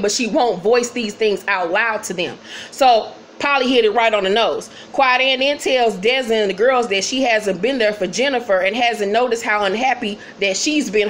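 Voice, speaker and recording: A woman giving a casual, animated recap of a TV episode, acting out the characters' lines with laughter and swearing. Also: fairly high pitch, a little hiss or hum. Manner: animated storyteller, acts out quotes with laughs and swearing. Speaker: TV recap host.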